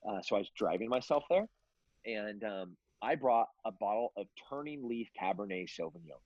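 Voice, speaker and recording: A man's voice: on the low side, animated, normal speed, darkish tone, no room sound, highs cut off. A middle-aged man from California telling long family stories in a casual interview, rambling with many fillers and restarts. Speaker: guest.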